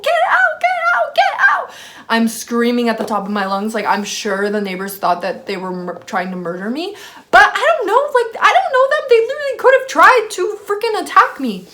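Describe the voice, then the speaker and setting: A young woman casually telling a personal story to camera, full of fillers, acting out her own shouting. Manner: animated, reenacts screaming at high pitch; many fillers like "like" and "freaking". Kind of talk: casual story time vlog.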